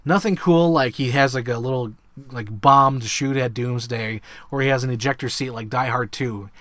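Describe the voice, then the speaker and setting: Excitable man reviewing a movie, dry close sound. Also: mid-range voice, no room sound. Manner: excitable, swears freely, acts out scenes in quick voices. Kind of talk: casual film review monologue.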